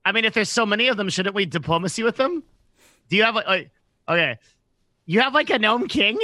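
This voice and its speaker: Male player, high and very bright voice, dry sound, eager. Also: lively intonation, fairly quick, no echo. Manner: eager, curious questions. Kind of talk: tabletop game play.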